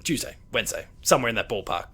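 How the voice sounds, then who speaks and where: A man's voice: medium pitch, animated, racing, a bit bright. An Australian man hosting a casual gaming podcast, rambling with lots of fillers and restarts. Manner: rambling, hesitant with many fillers. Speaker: podcast host. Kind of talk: casual chat.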